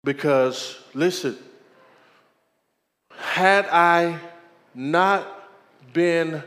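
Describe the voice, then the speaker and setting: A man's voice: a little high, fairly bright tone, big-room sound. A man, preaching a sermon as a pastor and calling out to the congregation as he tells his story.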